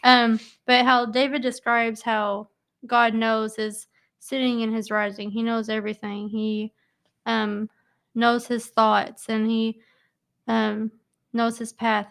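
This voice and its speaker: A woman reading scripture aloud, then leading a casual church Bible study slowly with many pauses and fillers. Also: a little high, flat delivery, vocal fry, a bit bright, clean tone. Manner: slow, halting, with many fillers.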